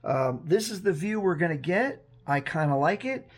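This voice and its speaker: A hoarse man chatting casually to his vlog camera at home, rambling and talking himself through each step. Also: high voice, very animated, moderate pace. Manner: chatty, rambling, self-talk. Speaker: vlogger. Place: room at home. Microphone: action camera on a mini tripod.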